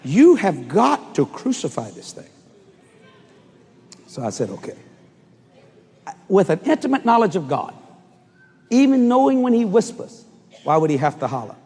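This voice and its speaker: A man preaching a comic storytelling sermon, acting out dialogue with sudden shouts, in a large church hall. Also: high-pitched, wildly swooping pitch, normal speed, long pauses, husky. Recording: long hall reverb with faint noise.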